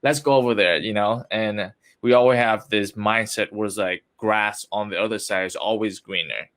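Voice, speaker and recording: A casual male host with a lowish voice, chatting loosely with his guest. He speaks straight to viewers and calls them guys. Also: steady tone, moderate pace, a bit bright. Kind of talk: casual interview chat.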